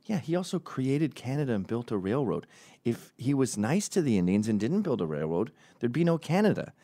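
Rambling, profane man with a lively voice. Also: medium pitch, brisk, dry recording. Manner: rambling, profane, jumps between tangents. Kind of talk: comedic rant.

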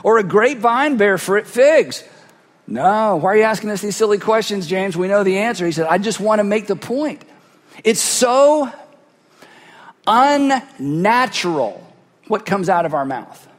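A pastor delivering a sermon through a cheek-worn headset mic, swinging from loud bursts to hushed asides as he acts out voices. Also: sits high, expressive, normal speed, big-room sound. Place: large church hall.

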